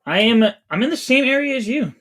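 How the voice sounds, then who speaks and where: A man's voice: very high-pitched, lively intonation, fairly quick, fairly bright tone. A man in his thirties from New England, chatting casually with his live-stream chat while he plays a game. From New England, USA. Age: 30s. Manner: chatty, reads chat aloud while playing.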